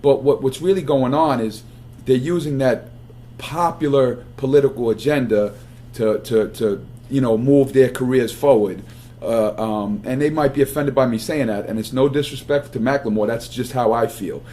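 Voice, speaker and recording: A man speaking in an interview clip, halting and repeating himself, leaning on "you know". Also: mid-range voice, warm tone, a little hiss or hum. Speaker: rapper in a played interview clip. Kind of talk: casual interview talk.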